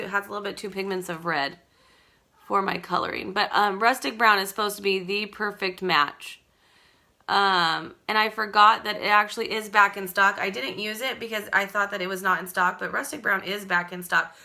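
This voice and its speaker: Bright-voiced chatty woman doing makeup. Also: medium pitch, a little fast, creaky. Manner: chatty, rambling, talks to viewers by name. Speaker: makeup seller demonstrating products. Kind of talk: live makeup tutorial chat. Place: at home.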